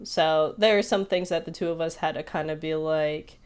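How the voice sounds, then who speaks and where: A woman's voice: deep voice, normal speed, clean tone. A woman co-hosting a podcast, telling a story in a rambling, casual way with lots of fillers. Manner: rambling with many fillers, animated retelling. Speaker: podcast co-host.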